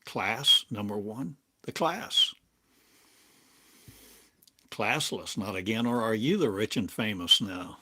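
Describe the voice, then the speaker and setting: An older man giving a slow, halting spiritual monologue as a teacher, speaking in drawn-out phrases with long pauses. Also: fairly low pitch, expressive, sharp tone. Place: home in a small town, drinking coffee.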